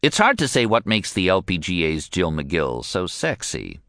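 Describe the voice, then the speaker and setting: A man's voice: low-pitched, huge pitch swings, moderate pace, fairly bright tone, dry recording, studio quality. A man narrating a first-person memoir in a wry, joking storytelling manner. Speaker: audiobook narrator.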